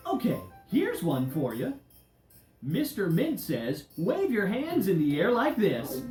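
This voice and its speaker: A cheerful candy game leader, played by a woman, coaxing kids along with a wildly bouncing, sing-song voice and slow, clear pacing. The sound is roomy with echo, and light music runs behind, like a children's DVD game. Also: on the low side, huge pitch swings, full character voice.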